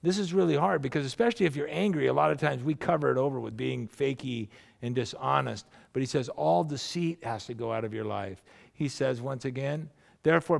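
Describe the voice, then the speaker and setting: Gravelly-voiced male pastor preaching casually. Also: medium pitch. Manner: conversational, animated preaching with asides and acted-out quotes. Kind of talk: sermon.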